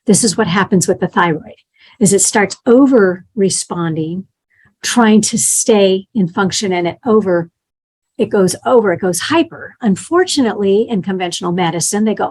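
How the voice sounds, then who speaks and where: A woman's voice: medium pitch, expressive, moderate pace, darkish tone, slightly rough. Middle-aged woman teaching a health class in a loose, talky way, mid-range voice. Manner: conversational, tells patient stories, acts out quotes.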